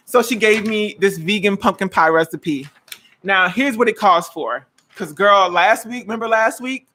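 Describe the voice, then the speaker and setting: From his home kitchen, this twenty-something host runs a laid-back cooking live-stream, full of sass, drama and playful teasing. His bright, forceful voice sits high and keeps a moderate pace.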